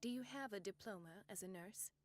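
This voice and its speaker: Woman voicing a calm psychiatric doctor. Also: medium pitch, a little fast, natural voice. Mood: curt.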